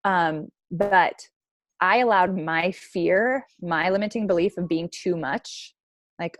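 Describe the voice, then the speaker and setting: A woman in her thirties leads a motivational call for her coaching team. Her voice sits a bit low, and she keeps it casual and chatty, dropping "like" and "right?" throughout. The sound is dry and close, with no room behind her. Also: moderate pace, no room sound.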